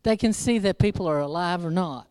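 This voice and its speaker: A woman's voice: lowish voice, brisk, darkish tone, clear, resonant tone, no room sound. A woman preacher giving a conversational sermon, chatty and humorous, with wry asides to the congregation.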